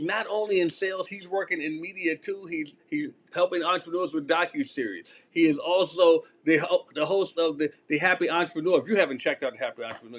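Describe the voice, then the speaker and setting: A man's voice: a little high, a bit bright. A man hosting a show, praising his guest effusively and stumbling through restarts as he talks. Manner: effusive, halting with many restarts. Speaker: host. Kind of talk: casual chat.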